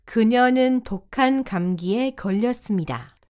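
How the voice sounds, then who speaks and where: Female prompt reader for a lesson: very quick, lively pitch, slightly high voice. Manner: reads each short prompt once, crisply. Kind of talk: brisk reading of Korean prompts.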